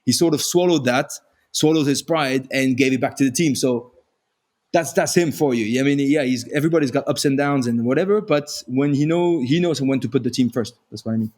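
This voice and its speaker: A man with a French accent, a former rugby player and podcast guest, telling self-deprecating stories in animated casual chat. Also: medium pitch, a little fast. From France. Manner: self-deprecating, animated storyteller with frequent restarts.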